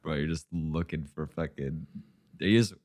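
A man's voice: very deep voice, normal speed, darkish tone, dry recording, studio quality. A man co-hosting a casual podcast, teasing his co-host with swearing and laughter. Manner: teasing, profane, laughs a lot.

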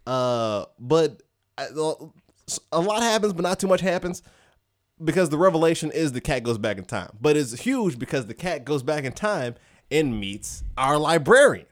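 A man hosting a casual podcast who excitedly retells a comic book, laughing often. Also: fairly high pitch, moderate pace. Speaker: podcast host. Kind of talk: casual chat.

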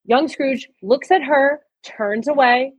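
A woman's voice: high voice, takes it slowly, no room sound, poor audio. A woman co-hosting a podcast, retelling film scenes with emotional enthusiasm in casual chat. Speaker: podcast co-host.

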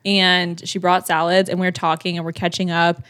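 A woman's voice: lowish voice, little pitch movement, a bit bright, no echo. Casual young female podcast host, chatty and profane, close dry mic. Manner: chatty, swears casually, quick asides. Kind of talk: casual chat.

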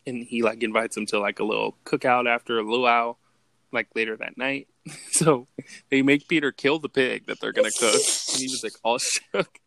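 A man's voice: mid-range voice, steady tone, normal speed, creaky, a bit bright. A man co-hosting a podcast, retelling movie scenes in casual chat and laughing often. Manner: laid-back, laughs often, acts out quotes in voices. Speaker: podcast co-host.

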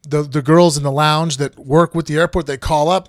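A man's voice: fairly high pitch, fairly even intonation, moderate pace, no room sound, clean studio sound. A man co-hosting a podcast, telling a long travel story in a casual, rambling way and acting out quoted lines. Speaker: podcast co-host.

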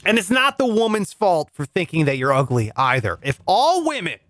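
A man's voice: high voice, normal speed. A man riffing through a sarcastic comedy monologue, his voice leaping up and down as he lands punchy lines. He records alone at home, and the sound is dry and close, with no room echo. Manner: sarcastic, punchy joke delivery, lively voice swings. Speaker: comedian host. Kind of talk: comic monologue.

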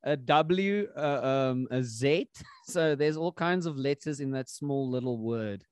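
A man's voice: medium pitch, a little slow, a little mellow, smooth, no echo. Man, podcast host, upbeat, playful, dry recording. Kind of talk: casual chat.

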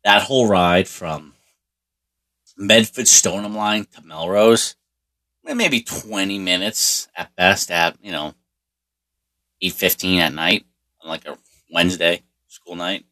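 A man's voice: low voice, a little slow, long pauses, bright, forceful tone. A middle-aged man telling a personal story in a rambling, profane way, full of restarts and fillers. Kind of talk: casual storytelling monologue.

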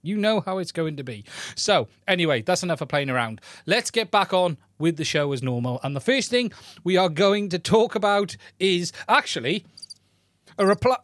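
Male live-stream host, casual and friendly, greets chat by name; fairly high pitch. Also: animated, moderate pace, fairly bright tone, dry recording. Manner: chatty, greets viewers by name.

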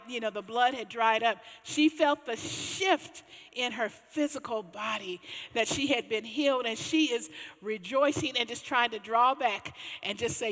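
A woman's voice: fairly high pitch, measured pace. Woman pastor preaching in reverb. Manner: animated storytelling, swelling to exclamations. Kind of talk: sermon.

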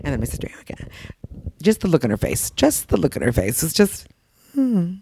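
Lively, animated woman telling stories. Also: fast talker, gravelly, slight background noise. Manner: animated storytelling, acts out family members in high voices. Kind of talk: casual chat.

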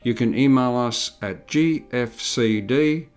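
A male announcer reading a calm, measured closing message that thanks the audience and gives contact details. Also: mid-range voice, smooth. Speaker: program announcer.

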